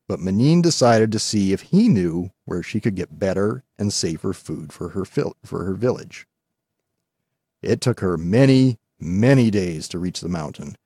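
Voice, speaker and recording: A man reading a folk tale aloud as scripted narration, calm and measured. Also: on the low side, husky, no room sound, studio quality. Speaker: storyteller.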